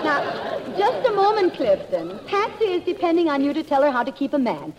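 A woman host steers a 1940s radio comedy sketch with a high, lively, coaxing voice. The dull old broadcast carries hiss and a studio audience behind her. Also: fairly quick, a crowd in the background.

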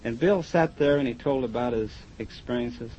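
A man's voice: medium pitch, normal speed, a little mellow. A man, a judge, presenting an award in a genial, joking tribute speech on the radio. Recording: dull 1950s radio broadcast with faint hiss.

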